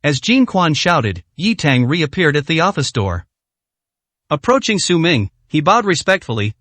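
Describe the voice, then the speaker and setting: A man narrating a dramatic story in a steady, scripted reading. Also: on the high side, measured pace, no room sound.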